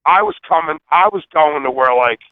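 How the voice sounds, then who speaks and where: A brash man spins a rowdy story, swearing freely and laughing at himself. His voice sits fairly high for a man. He comes through a tinny phone line. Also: brisk, clear, resonant tone. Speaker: phone-in guest telling a story. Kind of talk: animated storytelling.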